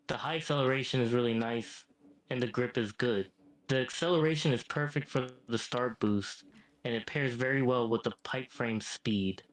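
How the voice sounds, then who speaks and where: A man's voice: medium pitch, normal speed, close to an everyday voice, rough recording. A synthetic male voice playing a smug, ancient devil who keeps calling people "mate". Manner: smug, says "mate" a lot. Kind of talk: AI chatbot role-play.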